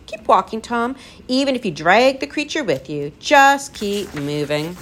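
Woman putting on polite male professor, measured, encouraging, lively pitch, storybook. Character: calm, courteous male professor leading children.

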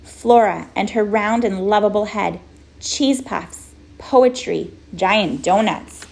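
A woman reads a children's storybook in a steady, measured voice. Her tone is gravelly, with a rough edge running through her delivery, at a medium pitch. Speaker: audiobook narrator. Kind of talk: scripted storybook narration.

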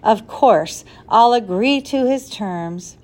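A woman voicing a kindly, cautious older male professor, speaking in a measured, earnest way. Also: on the high side, animated, darkish tone. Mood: grave.

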